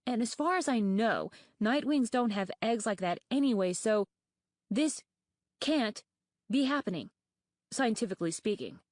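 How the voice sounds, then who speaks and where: A woman voicing a nervous, bookish young male dragon in an audiobook, talking in anxious, rapid reasoning and stammers. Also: mid-range voice, no room sound, clean studio sound, lightly acted. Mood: incredulous. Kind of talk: audiobook character voice.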